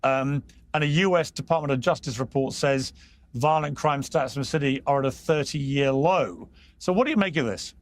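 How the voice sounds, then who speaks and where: Measured male news anchor. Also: mid-range voice. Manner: measured, reads statistics. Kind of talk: broadcast news presenting.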